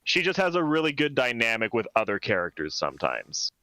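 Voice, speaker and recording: A man's voice: mid-range voice, wildly swooping pitch, fairly quick, bright, forceful tone, no room sound. A man co-hosting a casual podcast chat, earnest and teasing. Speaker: podcast co-host.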